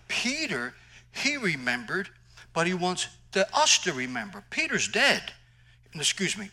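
Bright-toned, fervent male preacher. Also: a little high, big pitch swings, moderate pace, low-quality recording. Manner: emphatic, conversational preaching with personal stories. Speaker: pastor. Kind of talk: sermon.

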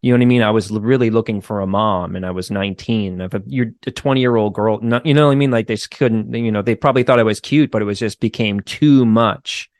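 A man's voice: lowish voice, fast, few pauses, no room sound. Man with a faint Boston accent, dry sound. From Boston area, United States. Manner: animated storyteller, many "like" and "you know" fillers. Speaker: guest therapist. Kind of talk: casual podcast conversation.

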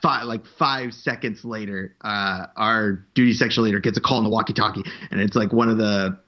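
A man's voice: lowish voice, steady tone, brisk, muffled recording. A man casually telling a rambling, profane story, raising his voice to act out what others said. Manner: rambling, profane, acts out quotes in a raised voice.

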